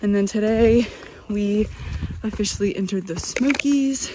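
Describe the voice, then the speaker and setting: A woman from North Carolina chats upbeat and loose into a handheld phone while out on a mountain trail, rambling in a casual on-the-go vlog. Her mid-range voice moves at a measured pace, with background noise around her.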